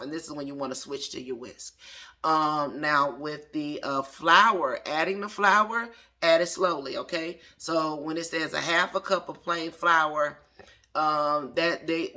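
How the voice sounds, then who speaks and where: A man's voice: on the high side, bright, forceful tone. A man in his late thirties, a chef, casually walking through an old cookbook recipe and talking back to its author. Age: 30s. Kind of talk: casual cooking lesson.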